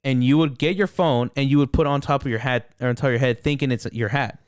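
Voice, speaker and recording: A man's voice: mid-range voice, fast, clean tone, no echo, clean studio sound. A young man co-hosting a podcast, rambling in casual chat with lots of swearing and restarts. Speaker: podcast co-host.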